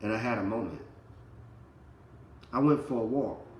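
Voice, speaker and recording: A man's voice: on the low side, animated, moderate pace, echoey room, a little hiss or hum. A man giving a casual motivational talk, telling his story with slang and swearing. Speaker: motivational speaker.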